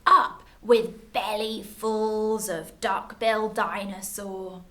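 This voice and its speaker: A woman voicing a rowdy tyrannosaurus family shouting a hunting chant in a storybook reading. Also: mid-range voice, fairly even intonation, extremely slow.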